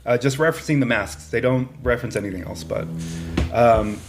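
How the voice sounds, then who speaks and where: A man's voice: medium pitch, a little fast, music in the background. Blunt, profane man ranting casually. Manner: blunt, profane, emphatic opinions. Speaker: podcast co-host. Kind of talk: casual chat.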